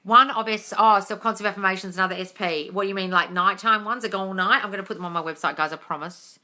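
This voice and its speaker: A woman hosts a casual live Q&A into her phone. Her voice is very bright and sharp. She chats freely, swears, and calls her viewers darling. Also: medium pitch, steady tone, fast talker. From England. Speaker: host.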